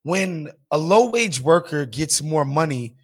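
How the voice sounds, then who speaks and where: A man co-hosting a podcast, talking in an animated, profane, emphatic way about the economy. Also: fairly high pitch, unhurried, husky. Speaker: podcast co-host. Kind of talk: casual political chat.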